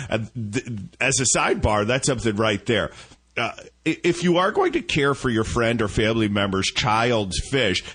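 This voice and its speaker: A man doing a comic radio monologue in an animated, joking, rambling way. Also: on the low side. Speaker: radio segment host.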